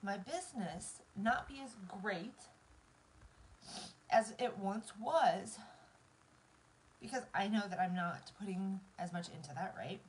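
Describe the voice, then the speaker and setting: Speaking slowly with long pauses, a woman in her thirties with a Southern accent talks to viewers on a live stream as she does her makeup, her medium-pitched voice heavy with emotion and near tears. The recording is low quality, with a little hiss or hum.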